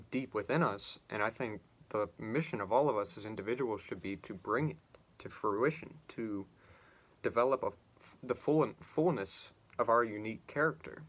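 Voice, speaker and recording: A man's voice: on the low side, fairly bright tone. A man giving reflective commentary on a classic novel, musing aloud in loose phrasing with frequent restarts. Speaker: literature commentator.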